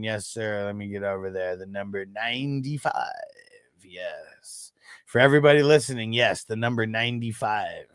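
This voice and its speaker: A man's voice: medium pitch, moderate pace, gravelly, a bit bright, clear, resonant tone, no room sound, clean studio sound. A man in his thirties hosting a fantasy football live stream, chatting casually, laughing and swearing. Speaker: fantasy football livestream host.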